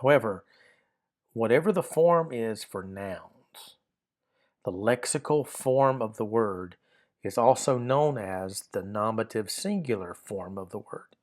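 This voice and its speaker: A man's voice: fairly low pitch, lively intonation, a little slow. A man teaching a recorded grammar lesson, explaining patiently and often repeating words and saying "uh" and "um".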